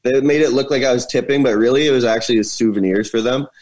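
A man from Canada chats easily in a casual interview. He tells stories loosely, with lots of fillers, at an ordinary mid pitch. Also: fast talker, a little mellow. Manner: laid-back storyteller, many fillers like "like" and "uh". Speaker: guest, viral comedy creator.

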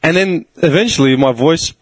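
A man in his thirties from Australia, chatting casually on a podcast in a rambling, sweary, animated way. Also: on the high side, normal speed, slightly rough, dry recording, low-quality recording. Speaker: podcast co-host. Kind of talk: casual chat.

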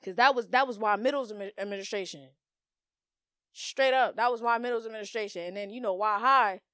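Young woman, podcast host, blunt, profane, slangy, emphatic, higher voice, dry sound. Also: fairly bright tone, dry recording. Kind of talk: casual monologue.

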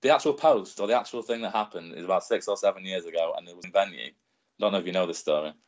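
Male host, very low voice, earnest questions, casual interview, muffled lo-fi sound. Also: quick pace. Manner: earnest, asks long questions. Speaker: podcast host. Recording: dull lo-fi recording.

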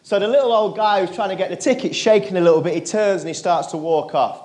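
A motivational speaker addresses a crowd. His voice sits fairly high for a man, and he talks earnestly, sinking low and quiet when he quotes other people. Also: fast. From England. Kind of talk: storytelling speech to an audience.

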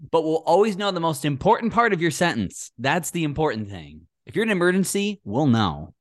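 A woman's voice: sits low, very animated, a little fast, no echo, clean studio sound. A woman, a former radio host, co-hosting a casual podcast with a playful manner, lots of inflection and frequent laughter. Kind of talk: casual chat.

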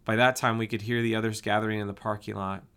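A man narrating a first-person story in a steady, plain way. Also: lowish voice, fast, clean tone. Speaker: audiobook narrator.

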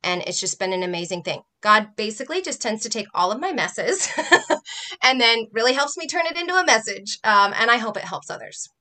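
Woman on a faith podcast, bright voice, earnest, reflective, telling her own story. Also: on the high side, sing-song, fairly quick. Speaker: guest, health coach. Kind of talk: personal testimony in a faith podcast conversation.

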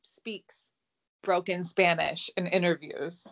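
A woman's voice: lowish voice, steady tone, slow, a bit bright. A young woman co-hosting a podcast, chatting casually with dry, sarcastic asides. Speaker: podcast co-host. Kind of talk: casual chat.

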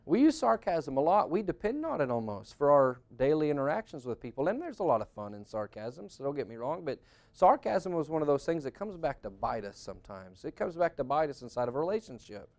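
Male pastor, middle-aged, earnest sermon delivery, slightly high voice, acts out spouses' lines. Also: big pitch swings, a little fast, darkish tone. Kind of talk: sermon on marriage.

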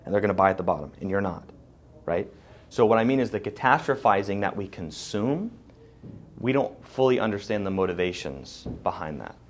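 A man with a somewhat low voice answers questions live before an audience, driving his points home by repeating them. His delivery is forceful and plain-spoken, in the manner of a preacher. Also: animated, fairly quick, a little hiss or hum. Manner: emphatic and repetitive, preacher-like. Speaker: podcast host. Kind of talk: live Q&A talk. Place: live event in front of an audience.

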